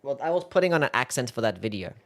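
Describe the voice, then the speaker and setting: A man's voice: medium pitch, very animated, very fast, gravelly. A young man streaming live, reacting to his own old videos, laughing, swearing and mocking himself.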